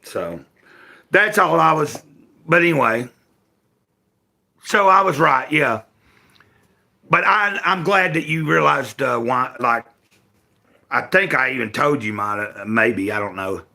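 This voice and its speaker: An older man from Tennessee with a Southern American accent chats casually with his livestream viewers from home, rambling, self-correcting, and folksy. His medium-pitched voice is gravelly, pushed, and bright, with lively intonation, a slow pace, and long pauses.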